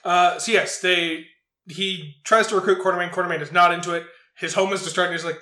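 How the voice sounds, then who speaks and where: A man's voice: high-pitched, brisk, echoey room. A man co-hosting a casual movie review chat, swearing and laughing as he retells scenes. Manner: swearing, laughing, animated storytelling. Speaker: podcast co-host.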